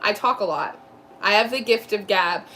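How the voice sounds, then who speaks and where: Woman, tarot reader, talkative, mid pitch, faint background noise. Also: a bit bright. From New Jersey. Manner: chatty, laughs often, quick asides. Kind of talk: live tarot reading chat.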